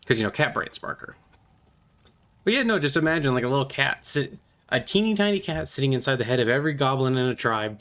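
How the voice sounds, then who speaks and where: A man's voice: mid-range voice, fairly bright tone. A man vlogging about miniatures in a casual, playful, rambling way.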